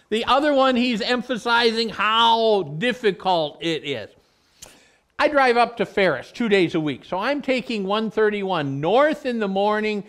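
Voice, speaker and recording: Middle-aged male pastor, deliberate pace, relaxed teaching sermon with homely anecdotes. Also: high voice. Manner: conversational, explains word meanings with everyday stories.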